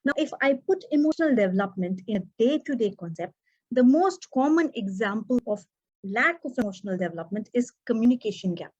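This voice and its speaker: A woman delivers a prepared talk as an educator, acting out the voices she quotes. Her voice sits a little high. The recording sounds dull and muffled. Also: a little fast. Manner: expressive, acts out quoted dialogue. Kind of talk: prepared contest speech.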